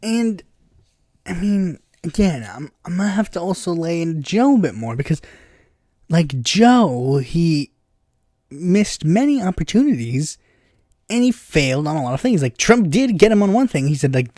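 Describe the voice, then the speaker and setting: A man's voice: sits high, very animated, moderate pace, warm tone, dry recording, clean studio sound. A man hosting a casual political commentary podcast, rambling with lots of fillers and bursts of exasperated impressions.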